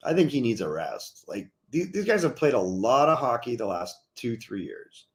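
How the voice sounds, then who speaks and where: A man hosting a casual hockey show at a middle pitch. He talks in an easygoing, chatty way, reading viewer comments aloud and weighing in on them. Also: normal speed. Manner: relaxed, chatty, reads out chat comments. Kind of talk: casual sports talk.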